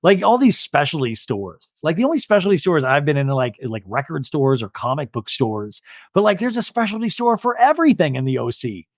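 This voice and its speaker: A podcast host breaks down a reality episode with a comedian's bite, cursing freely and jumping in and out of quick impressions. His pitch swings widely, and the recording sounds dry and close, with no room around it. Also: no room sound. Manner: animated, swears, acts out quotes.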